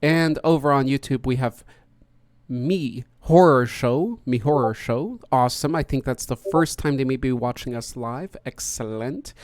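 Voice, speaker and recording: A man hosts a podcast over online voice chat, with a smooth, resonant voice recorded dry and close. He talks casually and greets each guest in turn. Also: medium pitch, unhurried, no room sound. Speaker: podcast host.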